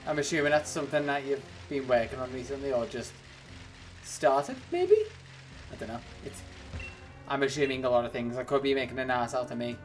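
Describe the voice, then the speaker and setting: A streamer talks loosely to their chat while playing, wandering from one thought to the next and breaking into laughter often. The voice sits at an ordinary middle pitch. Faint music plays underneath. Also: level tone, a little fast. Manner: rambling and chatty, laughs often. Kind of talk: casual livestream chat while gaming.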